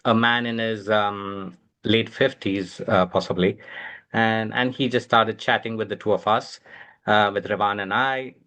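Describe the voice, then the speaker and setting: A man's voice: on the low side, fairly even intonation, measured pace, bright, forceful tone. A man speaking as a guest on a parenting panel, talking with many fillers and restarts. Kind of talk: casual panel discussion.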